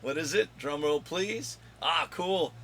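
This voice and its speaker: A man hosting his own video countdown of comic finds, rambling and joking with his son off camera, with a slightly hoarse voice. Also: on the high side, slow, fairly bright tone, a little hiss or hum. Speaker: comic collector and channel host.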